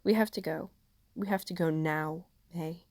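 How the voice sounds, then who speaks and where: A woman's voice: on the low side, fairly even intonation, measured pace, gravelly, darkish tone, no echo, clean studio sound. A woman voicing a firm, protective young waitress who speaks urgently.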